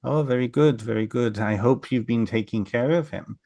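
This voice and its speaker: A man's voice: medium pitch, normal speed, gravelly, darkish tone, no echo, voice pushed up, natural voice. A man voicing a small, finely dressed fairy man with sly, overly polite manners, in a dry room.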